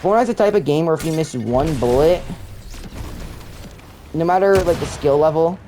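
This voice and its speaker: A man's voice: on the high side, animated, moderate pace, mellow, rough recording. A young man commenting on his own gameplay, rambling and complaining, with many fillers and restarts. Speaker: gamer. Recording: faint game noise and gunfire behind.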